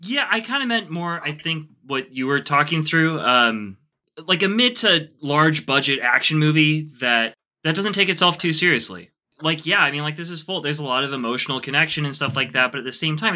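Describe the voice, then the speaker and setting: A man in a casual movie discussion, talking in an animated, playful and jokey way. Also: medium pitch.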